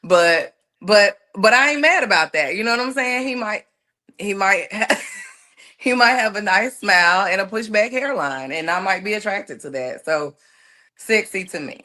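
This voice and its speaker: A woman in her thirties answering dating questions slowly and hesitantly, thinking aloud. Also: mid-range voice, lively intonation, sharp tone. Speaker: interviewee on a dating show clip.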